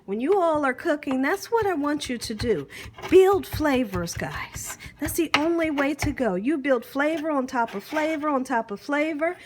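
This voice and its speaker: A woman's voice: sits high, animated, moderate pace, few pauses, slight background noise. A woman hosting a home cooking demonstration in her kitchen, chatty and encouraging, often checking in with her viewers. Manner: chatty, encouraging, asks "you hear me?" often. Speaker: cooking show host.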